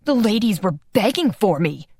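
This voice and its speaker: A woman's voice: mid-range voice, big pitch swings, moderate pace, darkish tone, slightly rough, no room sound, studio quality. A woman narrator voicing a petulant, vain young male dancer with a whiny, squealing delivery.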